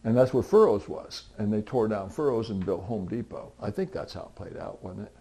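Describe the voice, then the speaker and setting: A middle-aged man preaching a sermon in a conversational, storytelling way. He acts out the people in his stories, and now and then he breaks into loud, high, pleading bursts to drive a point home. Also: animated, a little fast, creaky. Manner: conversational storytelling, voicing other people in dialogue; swings to loud, high, pleading outbursts for emphasis. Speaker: pastor.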